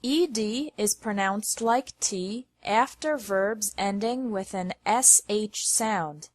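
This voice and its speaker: Female pronunciation teacher, very deliberate pace, dry recording, word-by-word delivery. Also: medium pitch, no room sound. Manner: reads word lists one by one with careful pauses. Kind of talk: slow scripted pronunciation lesson.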